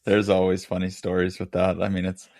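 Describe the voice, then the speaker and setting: A man hosting a hunting podcast, steering the talk in a relaxed, swearing casual manner. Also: low voice, brisk, vocal fry, no room sound, clean studio sound. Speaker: podcast host. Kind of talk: casual chat.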